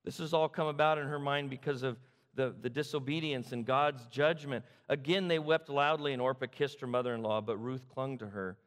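A man from the Sacramento area preaching a sermon, retelling the story with animated repetition. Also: mid-range voice, brisk, in a large hall. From Sacramento area, California. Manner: animated storytelling, repeats phrases. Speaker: pastor.

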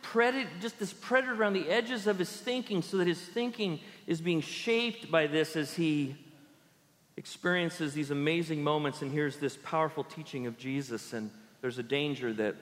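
A pastor giving an animated sermon, often acting out the people he quotes. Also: a little high, moderate pace, in a large hall. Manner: animated, acts out quoted voices in character.

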